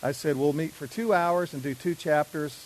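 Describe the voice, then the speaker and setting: A man's voice: on the high side, normal speed, low-quality recording. Storytelling male preacher, faint hiss. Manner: conversational, acts out dialogue with fillers. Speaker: speaker at a men's ministry. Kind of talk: sermon-like storytelling talk.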